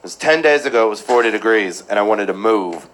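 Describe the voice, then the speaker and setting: A man's voice: lowish voice, fairly quick. A man doing a stand-up routine, joking about himself to a laughing audience. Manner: self-deprecating, animated. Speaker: stand-up comedian. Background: loud audience laughter.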